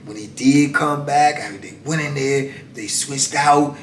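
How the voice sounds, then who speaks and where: A man in his fifties spinning a long story in a loose, animated way, peppering it with "man" and "you know." His voice sits at an everyday pitch and sounds a little distant from the mic. It bounces around an echoey room over a faint background hiss. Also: a little slow. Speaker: channel host telling prison stories. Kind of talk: casual storytelling.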